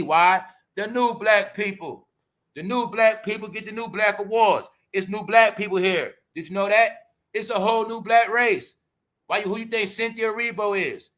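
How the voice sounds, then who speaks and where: A middle-aged man holds forth to his viewers in a casual commentary stream, preachy and insistent. His voice sits fairly high and sounds bright and sharp. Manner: emphatic and preachy, addressing the audience as y'all. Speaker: YouTube commentary host.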